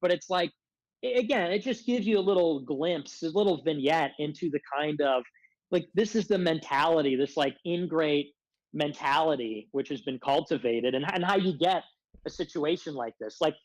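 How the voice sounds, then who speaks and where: A man with a fairly high voice, talking as a guest on a podcast. He rambles through a long, aggrieved complaint and stuffs "like" between almost every phrase. The sound is close and dry. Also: moderate pace, dry recording, low-quality recording. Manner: rambling aggrieved rant, heavy use of filler "like". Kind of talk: casual podcast conversation.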